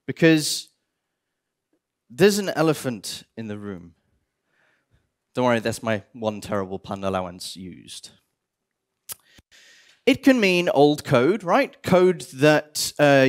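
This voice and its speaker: A man giving a conference talk on stage, animated, with bursts of theatrical mock despair. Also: mid-range voice. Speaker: conference speaker.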